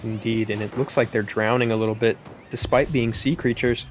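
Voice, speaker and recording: A man giving steady play-by-play commentary on an esports match, his voice rising on big plays. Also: mid-range voice, a little fast, slight background noise.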